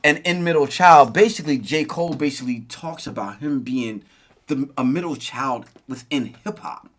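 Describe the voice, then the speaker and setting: A man's voice: mid-range voice, moderate pace, a bit bright. A middle-aged man co-hosting a casual hip hop talk show, rambling with frequent restarts, laughs and "you know what I mean". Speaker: podcast co-host.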